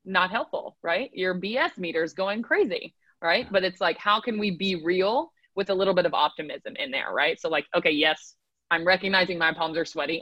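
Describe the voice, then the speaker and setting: A woman's voice: on the low side, sharp tone, dry recording, rough recording. A woman speaking as a guest coach in a casual podcast conversation, talking emphatically and checking in with "right?" again and again. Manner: emphatic, repeats "right?" often. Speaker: mental performance coach guest.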